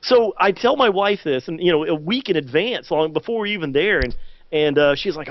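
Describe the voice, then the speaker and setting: Animated man telling a story. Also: a little high, fairly quick, dull audio. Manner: animated, many fillers, acts out quotes loudly. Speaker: podcast co-host. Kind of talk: casual storytelling chat.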